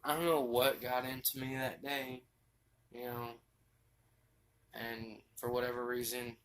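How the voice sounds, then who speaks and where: A young man telling a personal story from his bed, halting and restarting often as he talks. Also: medium pitch, little pitch movement, a bit bright, low-quality recording. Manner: halting, with frequent restarts and fillers. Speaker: vlogger. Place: bedroom, sitting on his bed.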